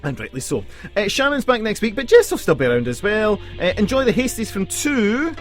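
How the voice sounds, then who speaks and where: A man's voice: sits high, brisk, faint music behind. Guy hosting hospital radio, bouncy voice, chatty and playful. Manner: lively and playful. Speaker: radio presenter. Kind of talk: casual radio chat.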